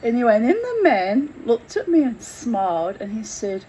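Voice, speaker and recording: A woman telling her own story in a candid, blunt and animated way, swearing freely as she goes. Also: a little high, moderate pace, a little hiss or hum, poor audio. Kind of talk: candid first-person storytelling.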